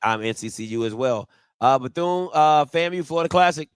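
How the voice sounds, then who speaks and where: A man co-hosting a casual sports talk show, with a high voice that swings widely in pitch. His sound is dry and close, and he teases his co-host in a playful back-and-forth. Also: lively intonation, brisk, clean tone, dry recording.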